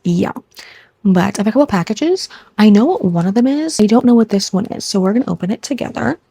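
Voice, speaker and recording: A woman's voice: medium pitch, fast, gravelly, a little hiss or hum. Chatty young woman vlogging at home. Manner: chatty and excitable, talks to her viewers. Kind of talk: casual vlog chat.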